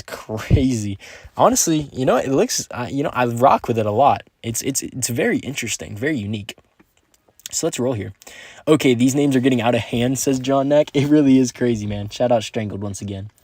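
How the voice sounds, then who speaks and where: With a mid-range, slightly mellow voice, a young man plays a mobile game live and chats casually with his audience, reading their messages. He sounds relaxed, upbeat and slangy, and the recording is dry and clean, like a studio.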